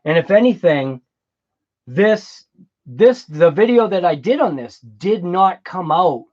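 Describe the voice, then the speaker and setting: Brief: East Coast man, livestream host, slightly high voice, slow rambling chat, lo-fi sound. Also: animated. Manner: chatty, reads viewer comments aloud.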